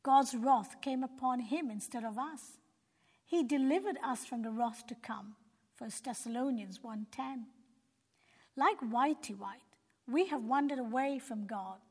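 A woman narrating a children's Bible story in an earnest, gentle preaching tone. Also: a little high, breathy edge. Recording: long hall reverb.

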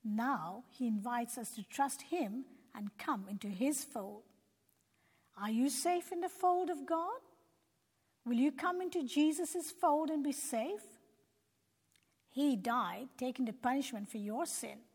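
A woman narrating a children's Bible story in an earnest, gentle preaching tone. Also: fairly high pitch, slow pace, breathy edge. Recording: long hall reverb.

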